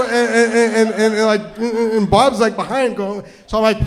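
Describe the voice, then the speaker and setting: A storytelling comedian with a high voice performs stand-up for a live audience, moving at a moderate pace with few pauses. The story rambles, packed with stammered restarts and "like," and lurches from soft and tender to shouting.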